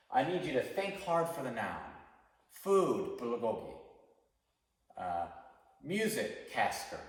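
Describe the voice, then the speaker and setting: A man teaching an English class, explaining patiently and encouragingly to students. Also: mid-range voice. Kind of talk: classroom instruction. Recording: echoey room with long reverb.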